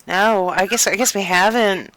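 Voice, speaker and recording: Woman doing a fussy gushy prank voice, dry close mic, middle pitch. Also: normal speed, a bit bright, no echo, rough recording. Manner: fussy, gushing, soothing tone. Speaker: scambaiter playing a flustered caller. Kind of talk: improvised prank role-play.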